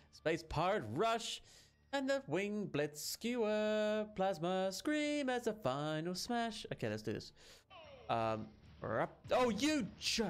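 A man hosting his own gaming channel, giving excitable let's play commentary and shouting at the game. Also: on the high side.

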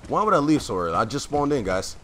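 A man giving casual gameplay commentary, chatty and rambling with many fillers, clearing his throat as his voice keeps cutting out. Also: medium pitch, very animated, fast, noisy background. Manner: rambling, chatty, full of fillers and self-corrections.

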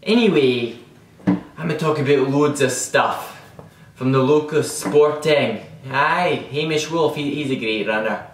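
A man doing a boastful young Scottish vlogger, full of himself and not very bright. He rambles in a slow, unhurried drawl and stumbles over his own words. The voice sounds distant, in an echoey room. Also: medium pitch, lightly acted. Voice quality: rambling, self-important, stumbling. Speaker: comedy vlogger character. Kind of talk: comedic character monologue.

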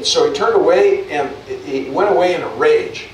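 A man's voice: a little high, normal speed, hardly any pauses, very echoey, recorded from a distance, slight background noise, low-quality recording. A male pastor preaching a sermon in a conversational way, often restarting and repeating words.

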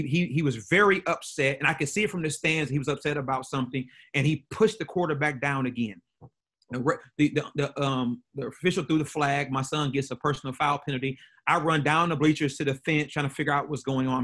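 A man's voice: a little high, a bit bright. A middle-aged man, a pastor, telling a personal story to a church audience in an earnest way that often repeats and restarts words.

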